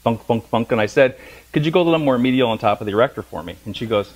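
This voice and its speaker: A middle-aged man teaches a class of massage therapists, talking at a brisk clip. He tells stories with humor and acts out the voices of people in them. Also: a little high, lively intonation, rough recording. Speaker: massage instructor. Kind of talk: lecture to a class.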